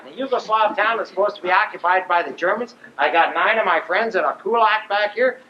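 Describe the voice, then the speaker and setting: An older man from Ohio, a veteran, telling his wartime story in a vivid, animated storytelling manner. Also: high-pitched, fairly quick, hardly any pauses. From Ohio, USA. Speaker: veteran speaker. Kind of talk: storytelling talk. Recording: roomy dull lo-fi recording.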